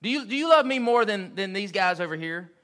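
A man delivers an evening sermon in an earnest, emphatic style. His voice sits high and rings bright and forceful. He repeats key phrases to drive them home. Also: animated, a little fast. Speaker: preacher.

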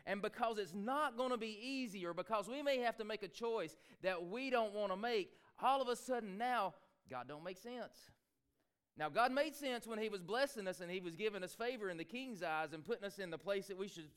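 A male preacher delivering a sermon, swinging between loud exclamations and hushed asides. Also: sits high, clean tone.

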